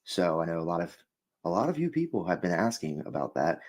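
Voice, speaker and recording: A man's voice: low-pitched, sing-song, a little fast, darkish tone. A man co-hosting a casual show review, upbeat and rambling, laughing often. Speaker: podcast co-host.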